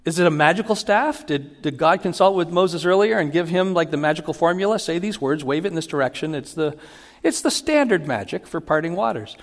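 A man giving a sermon as a pastor, teaching in an animated way and acting out Bible quotes with rising emphasis. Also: a little high, a little fast. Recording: long hall reverb.

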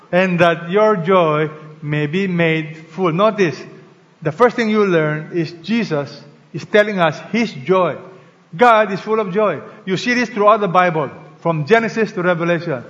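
A man's voice: sits high, a little slow, fairly bright tone. A man preaching a sermon as pastor, leading a prayer and prompting the congregation to answer and read along. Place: large church hall. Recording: long hall reverb, slightly dull sound.

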